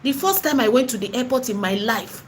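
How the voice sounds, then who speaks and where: Speaking fairly quickly in an animated, high voice with a little hiss or hum, a Nigerian woman preaches fervently in her vlog. She is an online seller and spiritual vlogger who repeats points emphatically and slides into Pidgin and Igbo.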